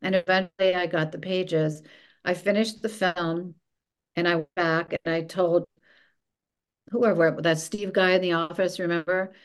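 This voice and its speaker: A woman's voice: fairly low pitch, measured pace, clear, resonant tone. A woman, a former film executive, telling a story as a podcast guest and acting out the dialogue she quotes. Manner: lively, acts out quoted dialogue. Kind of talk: casual storytelling interview.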